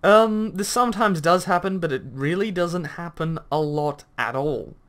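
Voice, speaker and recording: A man's voice: sits high, normal speed, a bit bright. A man hosting a gaming commentary video, arguing bluntly, swearing at times, and rambling through lots of fillers. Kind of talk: reaction commentary rant.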